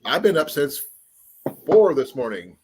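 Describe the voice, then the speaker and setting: A man's voice: a little high, very animated, measured pace, slight background noise. Teasing man hosting a live chat. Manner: teasing, jokey banter. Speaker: host. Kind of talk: casual live-stream chat.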